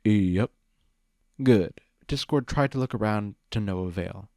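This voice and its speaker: A man's voice: fairly low pitch, brisk, no echo, clean studio sound. Man narrating a storybook reading. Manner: even, storytelling. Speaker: reader. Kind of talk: storybook narration of fan fiction.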